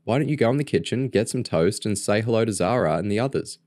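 A man's voice: fairly low pitch, animated, fast, a little mellow, no room sound, clean studio sound, pitched above the performer's own voice, close to an everyday voice. A man reading aloud, voicing a cheeky teenage boy who teases his sister in an offhand way. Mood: teasing. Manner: teasing, offhand. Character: cheeky teenage boy, teasing big brother.

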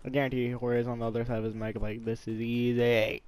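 A man's voice: medium pitch, little pitch movement, racing, a little mellow, clean tone. Rambling young gamer guy, cusses freely. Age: student. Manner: rambling, swears freely, talks to viewers. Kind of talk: casual gameplay commentary.

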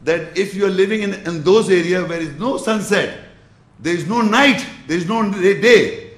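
Man giving a slow, probing religious lecture. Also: high voice, echoey room. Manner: explains slowly with gestures, checks the audience's understanding. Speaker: Islamic lecturer.

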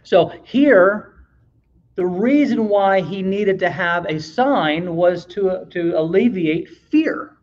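A man's voice: high voice, expressive, slow, highs cut off. A man teaching a church Bible class in a conversational way, reading scripture aloud and putting questions to the class.

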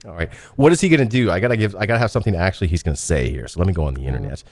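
A man hosting a casual chat, quick and playful, often restarting his sentences. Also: deep voice, lively intonation, no room sound. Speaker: show host.

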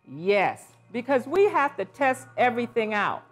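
A woman in her sixties delivers a conference talk with playful, exclamatory energy. Her fairly high voice swings through teasing asides and bursts of wonder. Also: big pitch swings, measured pace, few pauses. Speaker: conference presenter. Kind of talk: live conference presentation. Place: conference session room.

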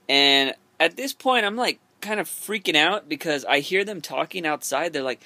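A young man vlogging to camera, rambling and swearing as he goes. His voice sits a little high and comes across very bright. The recording is dry and close. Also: lively intonation, normal speed, dry recording. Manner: rambling, profane, restless. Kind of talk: casual storytelling to camera.

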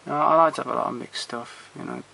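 A man with a gravelly, creaky edge to a mid-pitched voice gives a loose, unscripted walkthrough of his home film shelves. He is blunt and opinionated and swears without a second thought. He often stops and trails off between titles, with a faint hiss under the handheld camera's sound. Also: fast, sharp tone. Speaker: collector showing his film collection. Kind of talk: casual rambling walkthrough.

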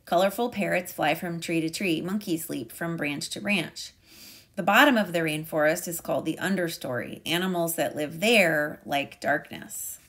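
A woman teacher reading a picture book aloud to a class in a calm, measured way. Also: sits low.

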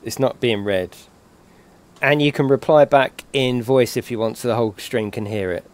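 A man's voice: mid-range voice, moderate pace. A British man live-streaming a game, chatting with his audience in a jokey, swearing, laughing way. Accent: British English. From England. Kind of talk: casual live-stream chat while playing.

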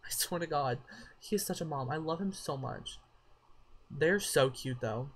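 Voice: mid-range voice, measured pace. A gameplay commentator giving casual let's-play commentary, sassy and profane, scolding the characters on screen.

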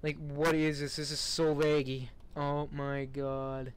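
A man's voice: fairly high pitch, completely flat delivery, takes it slowly, clean tone. Sarcastic young man gaming. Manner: sarcastic, mocking, bursts of laughter. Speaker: gamer. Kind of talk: casual gameplay commentary.

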